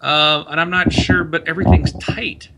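A man co-hosting a casual gaming podcast, an animated storyteller whose voice climbs high when he retells yelling at a friend. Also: moderate pace, heavy background noise. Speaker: podcast co-host. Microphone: desk mic, loosely mounted.

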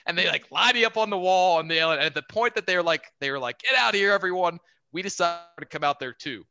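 Young man, guest on a remote call, animated storyteller, bright tone, dry sound. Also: a little high, quick pace, clean tone, no room sound, highs cut off. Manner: animated, swears casually, acts out quotes. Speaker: podcast guest, Air Force officer. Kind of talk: casual storytelling.

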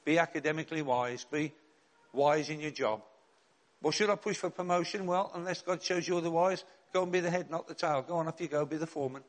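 A man's voice: a little high, fast. Older man preaching earnestly. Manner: earnest, direct preaching with rhetorical questions and repeated refrains. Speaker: preacher, bishop and hospital chaplain. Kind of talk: sermon.

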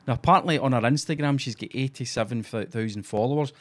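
A man's voice: mid-range voice, fast. A Scottish man co-hosting a casual, sweary podcast chat and telling mocking stories. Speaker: podcast co-host.

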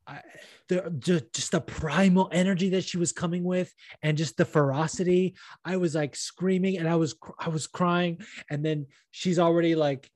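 A young man co-hosting a casual chat, telling stories in an animated way and acting out what others said. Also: on the high side, normal speed, dry recording. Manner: animated storytelling, acts out quotes. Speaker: podcast co-host.

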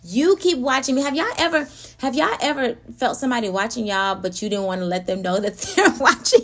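A woman hosting a casual spiritual talk, animated and laughing often as she speaks straight to her listeners. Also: on the high side, brisk, few pauses. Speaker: podcast host.

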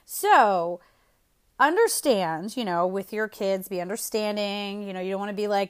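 A woman's voice: medium pitch, lively intonation, moderate pace. A woman hosting a casual parenting advice show, chatty and upbeat, often laughing as she talks. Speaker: host.

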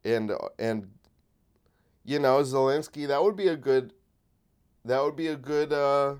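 Man, sick with a cold, solo comedic rant, rambling, profane, sardonic, middle pitch. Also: measured pace, darkish tone, smooth. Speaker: podcast host.

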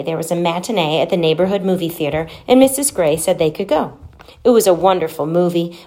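Woman reading a children's story aloud. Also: lowish voice. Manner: gentle expressive reading with voiced dialogue.

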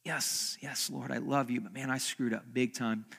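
A preacher voicing an ashamed, stammering disciple. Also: male voice, medium pitch, fairly even intonation, moderate pace, vocal fry, a bit bright, breathy edge. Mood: sheepish. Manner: stammering, pleading, raised voice. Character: remorseful grown male fisherman disciple, ashamed.

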